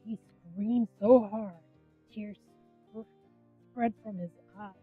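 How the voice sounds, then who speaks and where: Slow-reading woman on a tinny line. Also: mid-range voice, steady tone, slightly rough. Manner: slow, halting reading with casual swearing. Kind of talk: reading game dialogue aloud. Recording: tinny phone-like line with music.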